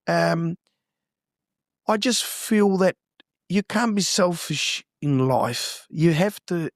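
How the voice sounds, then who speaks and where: Earnest young man, higher voice. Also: animated, slow pace, vocal fry, dry recording, studio quality. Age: 20s. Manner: earnest, heartfelt, speaks from the heart. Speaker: real estate agent guest. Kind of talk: casual interview chat.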